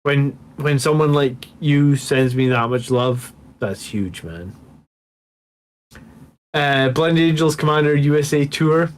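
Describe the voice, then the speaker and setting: A man in his thirties hosting a late-night hobby livestream, rambling casually and swearing freely as he thanks viewers over beer and whiskey. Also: mid-range voice.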